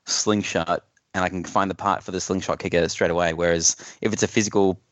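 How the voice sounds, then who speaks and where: A man's voice: low voice, steady tone, brisk, fairly bright tone, no echo. A man co-hosting a casual podcast, rambling with frequent restarts and hedges. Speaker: podcast co-host. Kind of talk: casual chat.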